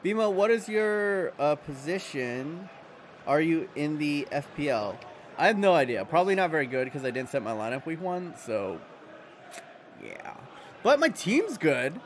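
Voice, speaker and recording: A young American man hosting a livestream, chatting loosely and reacting to viewer comments. His voice sits a little high and swings widely in pitch as he talks. Faint hum in the background. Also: very animated, a little slow. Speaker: livestream host. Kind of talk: casual livestream chat.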